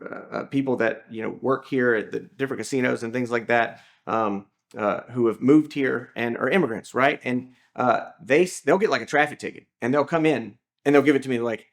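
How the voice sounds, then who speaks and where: A man's voice: mid-range voice, fairly quick, few pauses. A man, a lawyer talking through legal advice in a casual, storytelling way with many fillers and restarts.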